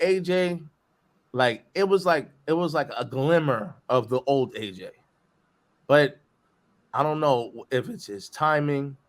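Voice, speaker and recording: A man co-hosting a boxing talk show, giving animated, rambling commentary full of slang. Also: mid-range voice. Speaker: co-host. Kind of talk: casual commentary.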